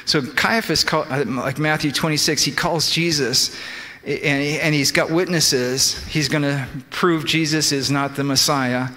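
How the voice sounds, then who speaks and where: A man's voice: fairly high pitch, fairly even intonation, a little slow, bright, forceful tone. A man preaching a sermon, explaining scripture in restarting bursts and quoting the figures he talks about. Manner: explains scripture with many restarts and quoted speech. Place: church sanctuary. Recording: long church reverb.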